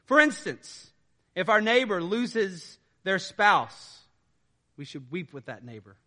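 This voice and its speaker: A man preaching a sermon as pastor, conversational with "right?" asides, swinging between loud emphatic peaks and quiet low passages. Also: big pitch swings, takes it slowly.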